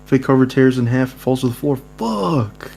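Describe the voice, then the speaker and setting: A man's voice: medium pitch, fast talker, soft background music. A young man reading a dating-sim game aloud with friends, joking and laughing between lines. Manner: laughing, jokey, animated asides. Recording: mains hum behind.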